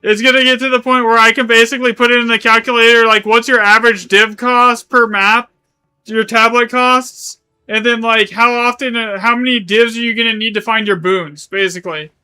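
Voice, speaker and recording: A man's voice: very high voice, fairly even intonation, a little fast, sharp tone, clear, resonant tone, faint music behind. A man streaming a game live, chatting casually in a rambling way, correcting himself as he goes and swearing now and then. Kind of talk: live gaming stream chat.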